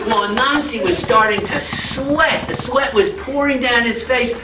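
A man telling a folktale to children, expressive and asking his listeners questions along the way. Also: very high voice, a little slow, hardly any pauses, noisy background. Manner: expressive, asks the audience questions. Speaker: storyteller for children. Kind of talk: animated live storytelling. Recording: roomy live sound from a distance.

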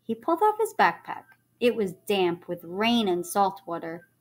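A woman teacher reading a children's book aloud to her students, expressive and animated, checking in with them along the way. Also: mid-range voice, moderate pace.

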